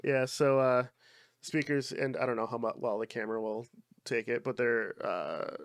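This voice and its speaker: A man's voice: mid-range voice, fairly even intonation, normal speed, no room sound, clean studio sound. A young man co-hosting a podcast, chatting in a laid-back way, swearing freely and leaning on fillers. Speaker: podcast co-host. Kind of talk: casual chat.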